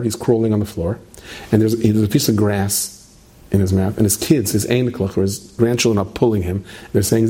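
Gravelly low-voiced rabbi teaching. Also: male voice, mellow. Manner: rambling storyteller, many restarts, asks the room questions. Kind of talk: late-night Torah lecture to students.

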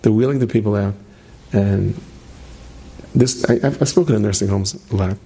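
Gravelly-voiced man telling a story. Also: lowish voice, normal speed, mellow. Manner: repeats words, humorous asides. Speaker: speaker giving a religious talk. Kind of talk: storytelling sermon. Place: stage with plexiglass screen.

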